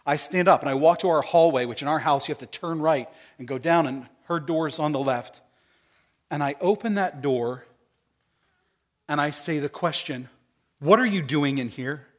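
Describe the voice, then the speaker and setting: A middle-aged male pastor preaching with a voice sitting a little higher than most men's. He acts out the voices he quotes and moves from soft, hushed passages to sudden loud, pointed outbursts. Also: moderate pace. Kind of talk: sermon.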